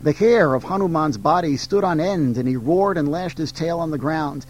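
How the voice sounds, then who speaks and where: Male teacher, reading aloud, fairly high voice, steady narration with ums in asides. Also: moderate pace, rough recording. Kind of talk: classroom read-aloud of literature.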